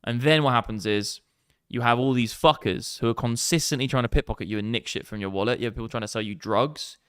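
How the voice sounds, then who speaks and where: Young guy on a crypto stream, swears a lot, smooth clean voice, dead dry sound. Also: mid-range voice, fast, fairly bright tone, no echo. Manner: brash, sweary banter with a running joke. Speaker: crypto trading livestream host. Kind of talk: casual livestream chat, reading viewer comments.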